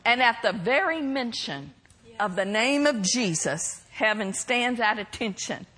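A woman preacher delivering a sermon, bold and emphatic, breaking into shouted declarations. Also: fairly high pitch, lively intonation, measured pace.

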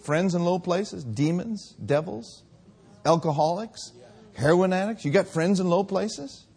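A man preaching a sermon, telling stories and then building to shouted calls to the congregation. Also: sits high, unhurried, vocal fry, breathy edge. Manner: storytelling, rising to shouted exhortation.

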